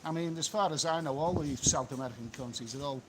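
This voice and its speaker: A man's voice: a little high, quick pace, noisy background. A man doing a rambling live-stream chat, reading out and answering viewer comments by phone from an outdoor beach cafe. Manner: chatty, rambling, repeats himself. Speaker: travel vlogger.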